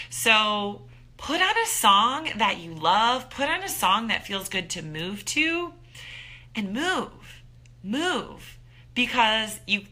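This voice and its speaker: A woman in her thirties giving an upbeat, animated motivational talk as a wellness coach, acting out her own thoughts. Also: mid-range voice.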